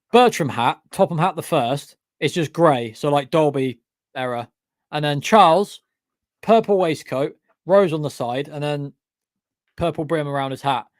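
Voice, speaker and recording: A young man, a YouTube channel creator with a fairly high voice, chats casually on a livestream about his channel's history in clean studio sound with no room sound. He rambles, swears often, and keeps stopping to say "what do you call it".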